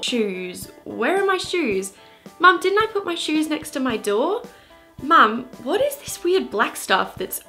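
A woman telling a personal story about her first school day with a lively, dramatic delivery. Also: fairly high pitch.

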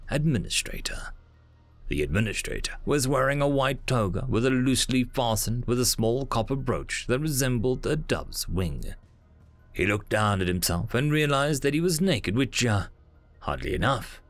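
Expressive man narrating a sci-fi story. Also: medium pitch, no echo. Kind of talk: scripted narration.

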